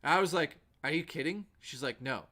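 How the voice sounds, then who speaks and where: A man's voice: on the high side, fairly quick, bright, forceful tone. A male livestream host telling rambling, profane anecdotes in a casual way, with lots of "like" fillers.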